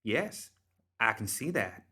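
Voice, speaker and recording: A man's voice: lowish voice, very animated, slow pace, bright, forceful tone, slightly rough, exaggerated voice. A man voicing a cheeky, impertinent young woman who is sarcastic with her father, in a storybook reading.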